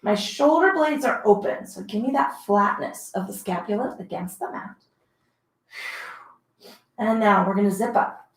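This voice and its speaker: Woman, pilates instructor, chatty encouraging cues, breathy effort, mid pitch, roomy echo. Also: lively intonation, a little slow, pauses often. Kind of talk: guided workout instruction. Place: home room, dogs heard about.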